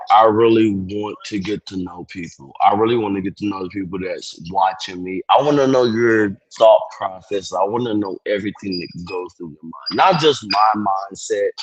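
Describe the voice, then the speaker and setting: A sleepy young livestreamer chats casually on a phone stream, yawning, rambling, apologizing, and swearing loosely. His fairly low voice comes through a rough recording without echo.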